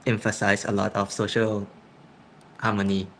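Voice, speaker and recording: A man's voice: fairly low pitch, monotone, moderate pace, slight background noise, poor audio. A young man in a casual student discussion. He thinks aloud and checks in with others by asking "right?". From Thailand. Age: young adult.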